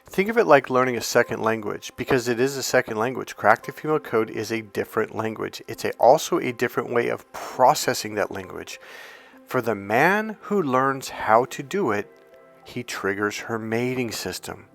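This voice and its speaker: A man coaching other men on dating and pitching his course, emphatic and profane, with frequent restarts. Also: lively intonation, moderate pace, vocal fry, fairly bright tone, soft background music. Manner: emphatic, profane, with lots of restarts and acted-out quotes.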